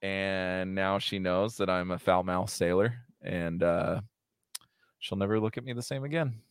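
A man's voice: deep voice, fairly even intonation, unhurried, smooth, no echo, studio quality. A man in his thirties with an American accent, co-hosting a podcast in casual chat, swearing a lot and laughing often. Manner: calls everyone dude. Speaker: podcast co-host.

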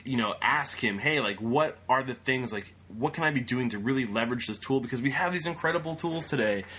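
Male podcast host, husky tone, enthusiastic and encouraging. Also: mid-range voice, bright, forceful tone. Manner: enthusiastic, encouraging, quick to laugh. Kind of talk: podcast interview.

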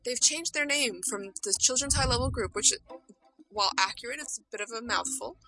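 A woman hosting a casual fan podcast, briskly reading out news and quotes. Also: a little high, music in the background, rough recording.

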